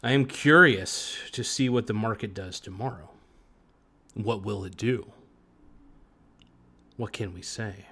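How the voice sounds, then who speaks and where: A man hosting a casual livestream, joking and rambling, stretching some words out and breaking into sudden loud bursts. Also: fairly low pitch, slow pace, long pauses, slightly rough. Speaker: livestream host.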